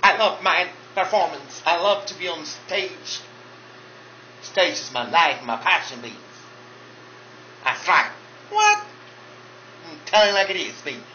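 A man voicing a sassy, loud drag queen diva who demands tips and calls everyone baby. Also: fairly high pitch, sing-song, takes it slowly, long pauses, pitched above the performer's own voice, exaggerated voice. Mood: brash. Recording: dull roomy recording with hiss.

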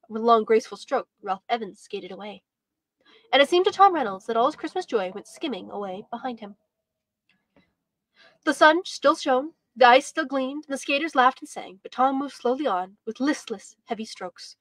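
A woman teacher reading a story aloud to a class in an expressive, measured way. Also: on the high side, no room sound. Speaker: homeschool teacher.

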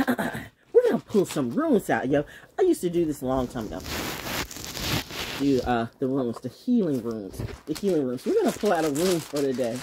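A woman vlogging in a casual livestream monologue, blunt and swearing, laughing often and swinging from loud shouting to low muttering. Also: sing-song, normal speed, noisy background. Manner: blunt, swears, trash-talking.

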